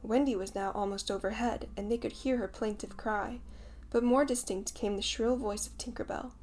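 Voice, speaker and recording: A woman's voice: medium pitch, steady tone, moderate pace, a little mellow, slight background noise. Woman narrating a storybook. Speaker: audiobook narrator.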